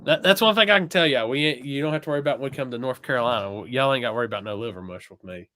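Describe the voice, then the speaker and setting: A man hosting a casual chat, expressive and teasing. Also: medium pitch, racing, no echo, studio quality. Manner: expressive, teasing, drawled asides. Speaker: podcast host.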